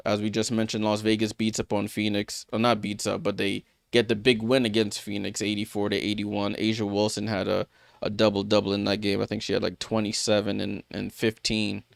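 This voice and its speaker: Guy hosting a live watchalong, kinda low gravelly voice, smooth, lots of ums, talks to chat. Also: no echo. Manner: loose, filler-heavy recap with many restarts; chats with viewers by name. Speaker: watchalong host. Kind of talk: casual live-stream commentary.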